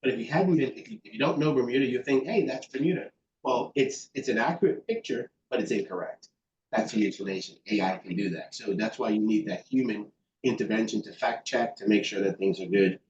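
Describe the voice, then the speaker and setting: A man's voice: fairly low pitch, a little fast, darkish tone. A man giving interview answers on a video call, thoughtful, with many fillers and restarts. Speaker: guest expert. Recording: roomy, dull sound with faint background noise.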